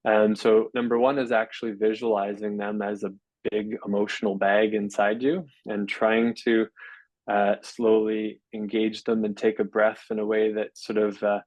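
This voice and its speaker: A physiotherapist explaining breathing in a measured way, often pausing with fillers and restarting his sentences. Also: lowish voice, flat delivery, darkish tone, no echo, low-quality recording. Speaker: physiotherapist guest. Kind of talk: explanatory interview talk.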